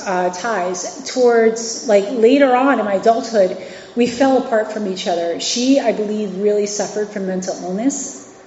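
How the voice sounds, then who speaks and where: Her voice is mid-range and dark, with slight background noise. She's a woman in her forties from New York City and Virginia, speaking as a guest at a meeting and sharing her recovery candidly and conversationally with many fillers and restarts. The setting is a meeting hall, which sounds echoey on a dull, lo-fi recording.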